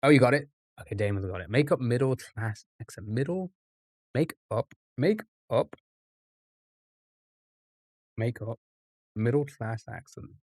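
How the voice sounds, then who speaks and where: A man streaming from home, talking through his thoughts in a rambling, repetitive way. He speaks at a mid pitch, and the sound is close and dry with no room echo. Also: normal speed. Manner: rambling, thinks aloud, repeats phrases. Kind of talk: casual live-stream chat.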